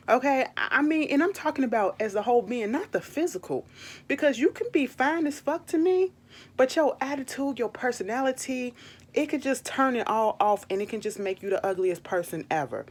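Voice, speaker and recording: A young woman giving an exasperated, animated, swearing recap of a reality show. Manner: animated, exasperated, swears freely, jumps into high quoted retorts. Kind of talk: casual opinionated recap.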